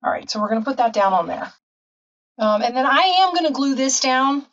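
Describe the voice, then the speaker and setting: Chatty higher-voiced woman, distant mic. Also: sing-song, fairly quick, fairly bright tone, muffled recording. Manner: chatty, rambling, frequent ums. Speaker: craft channel host. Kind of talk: casual craft tutorial. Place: home craft room.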